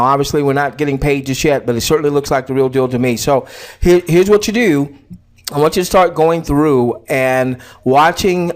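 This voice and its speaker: Middle-aged male promoter, rambling and chatty, mild cough, mid-pitched voice, talking close to a desk mic. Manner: chatty, many fillers and repeats. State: slight cough. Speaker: online business promoter. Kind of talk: casual screen-share walkthrough.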